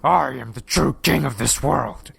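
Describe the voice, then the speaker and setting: A man voicing a hideous shape-shifting monster who speaks in a slow, gurgling, raspy Texas drawl. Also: medium pitch, a bit bright, no echo, heavily acted. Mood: menacing.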